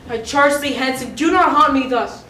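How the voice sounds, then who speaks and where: A dismissive young man snaps curt lines, played by a woman. The voice is high and heard from afar, with echo and faint noise around it. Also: normal speed, sharp tone. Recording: echoey, from far off.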